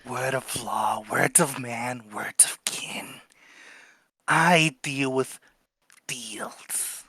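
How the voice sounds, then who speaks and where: A man voicing a flamboyant, eccentric old male seer, theatrical and sly, who drops into hushed tones. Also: on the high side, very animated, no echo, full character voice. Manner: theatrical, drawn-out, dropping to a hush.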